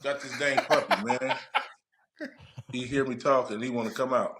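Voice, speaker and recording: A man in his forties, a podcast guest and former player and coach, telling stories in a loud, profane, emphatic way. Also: mid-range voice, normal speed, creaky, noisy background. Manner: animated, profane, emphatic storyteller. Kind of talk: casual podcast chat.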